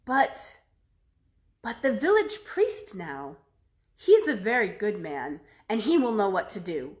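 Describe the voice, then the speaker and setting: A woman's voice: medium pitch, sing-song, takes it slowly, darkish tone. A woman voicing an earnest young man who pleads and stammers in a storybook tale. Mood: worried.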